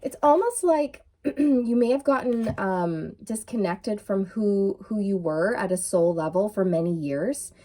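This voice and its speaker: A woman giving a casual, excitable tarot reading to her viewers, full of fillers and restarts, with a frog in her throat. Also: medium pitch, a little slow. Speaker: tarot reader. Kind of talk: intuitive tarot reading to camera.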